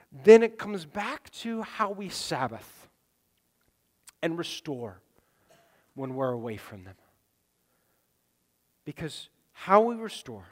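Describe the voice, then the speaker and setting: A man preaching a sermon, animated, acting out the people in his stories and sometimes dropping to a near whisper. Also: sits high. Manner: animated, acts out voices in quotes, drops to near whisper. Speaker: pastor. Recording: long reverb of a hall.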